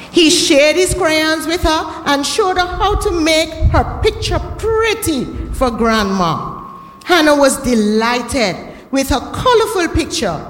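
A woman reads a children's story aloud, slow and gentle, her high voice swooping with expression. Her words echo around a roomy space with a long reverb. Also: a little hiss or hum. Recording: echoey, reverberant room.

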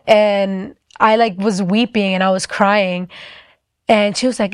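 A woman's voice: mid-range voice, steady tone, clear, resonant tone, dry recording, clean studio sound. A young woman telling a personal faith testimony in a casual, chatty way, full of "like" and acted-out quotes. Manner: casual, fast-paced, lots of "like", acts out quoted voices. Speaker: guest telling her testimony.

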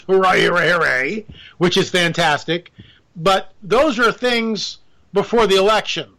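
A man's voice: high-pitched, a bit bright. A man hosting a radio show, riffing through a sarcastic, rambling political monologue with jokey asides.

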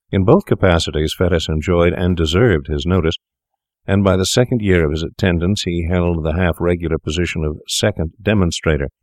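A man narrating an old tale in a very low, deep voice, with a measured, unhurried storytelling delivery. The sound is close and dry, with no room around it. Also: darkish tone, no echo. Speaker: audiobook narrator. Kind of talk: scripted narration of a classic tale.

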